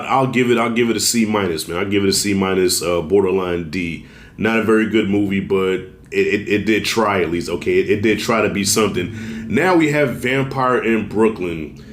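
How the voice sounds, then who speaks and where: Male film reviewer, relaxed chatty delivery, a little under the weather, roomy echo on the voice. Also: lowish voice. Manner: loose and conversational, swears, addresses viewers as y'all. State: fighting a cold, clears throat. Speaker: movie reviewer. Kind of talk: casual spoken film review.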